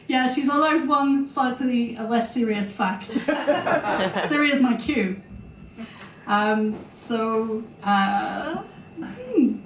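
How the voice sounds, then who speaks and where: Scottish woman comic, unhurried and halting, roomy far-off live recording. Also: high voice, lively intonation, slight background noise. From Scotland. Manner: self-deprecating, halting with fillers. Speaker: stand-up comedian. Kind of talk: stand-up comedy set. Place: small venue with live audience.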